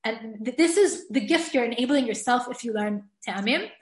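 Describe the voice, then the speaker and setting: A woman's voice: a little high, animated, moderate pace, reverberant. A woman teaching an online class, chatty and enthusiastic, often laughing and restarting her sentences. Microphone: video call.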